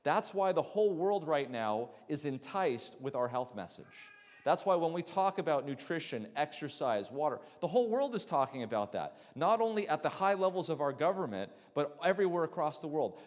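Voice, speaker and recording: A man's voice: on the high side, big pitch swings, fairly quick. A middle-aged man, a sleep specialist, lecturing a church audience in a conversational way and asking the room questions. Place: lecture hall. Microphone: handheld mic, swapped mid-talk. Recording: long hall reverb.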